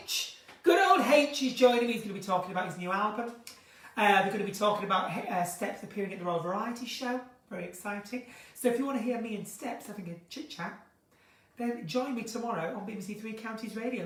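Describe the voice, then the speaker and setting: A woman hosting a casual live chat from her kitchen at home, theatrical and chatty, swinging between bright exclamations and low asides. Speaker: live-stream host chatting with viewers. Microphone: phone or webcam in a live stream. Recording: roomy, distant from the mic.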